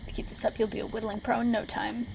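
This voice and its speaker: A woman doing a dry, deadpan game dad. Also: on the high side, racing, creaky, slight background noise, poor audio.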